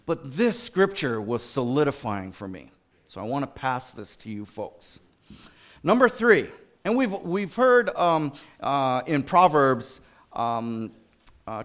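Guy telling a story at church, animated, voice goes up and down a lot, lots of um and like. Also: mid-range voice, measured pace. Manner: animated storyteller, many fillers and restarts. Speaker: school district staff sharing a testimony at church. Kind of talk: informal church talk.

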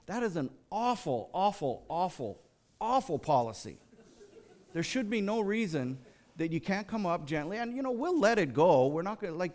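Animated American man preaching a sermon. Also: fairly high pitch. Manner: animated storytelling, acts out quoted voices. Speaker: lay preacher.

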